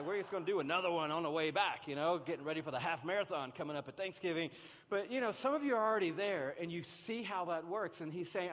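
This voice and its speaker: Guy preaching a sermon, kinda high voice, big echoey church hall, gets loud then goes quiet. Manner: animated, acts out voices, swings between loud and hushed. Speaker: pastor. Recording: long hall reverb.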